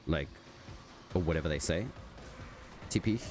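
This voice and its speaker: Deep-voiced man rambling on stream. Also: normal speed, music in the background. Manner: rambling, many fillers like "like". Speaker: game streamer. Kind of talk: casual live-stream chat while gaming. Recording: steady background noise.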